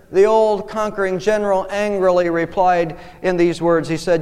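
A male pastor delivers a sermon in a high, lifted voice, climbing even higher as he presses his points. His words ring out with the long reverb of a church sanctuary. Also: normal speed, hardly any pauses, clean tone. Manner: impassioned preaching, voice rising on key points.

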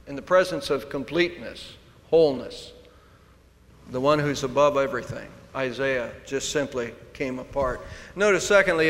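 A man preaching a sermon, swinging between hushed, quiet passages and loud, emphatic declarations. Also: mid-range voice. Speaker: pastor. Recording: long hall reverb.

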